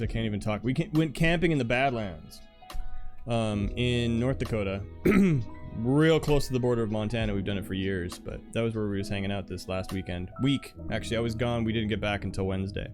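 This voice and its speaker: A man's voice: on the low side, expressive, moderate pace, a little mellow, soft background music. A man chatting casually with viewers on his live stream, laughing often and trailing off mid-sentence before starting over. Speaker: livestreamer.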